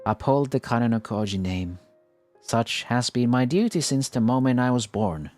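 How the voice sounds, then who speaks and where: A man voicing a poised teenage heiress girl weighed down by family duty. The reading is slow and measured, set low, with faint music behind the game story. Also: animated, a little mellow, natural voice. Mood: solemn.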